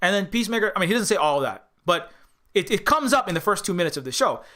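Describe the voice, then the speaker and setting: A man's voice: high voice, sing-song, fast, pushed and bright. A man who makes indie games, talking casually and rambling, with many restarts, some swearing and quoted voices for other people. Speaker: indie game developer. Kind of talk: casual spoken commentary.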